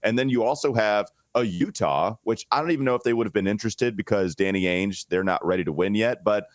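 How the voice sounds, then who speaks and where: A man's voice: on the low side, brisk, no room sound. A man hosting a sports podcast, talking casually and thinking aloud with frequent restarts. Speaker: podcast host.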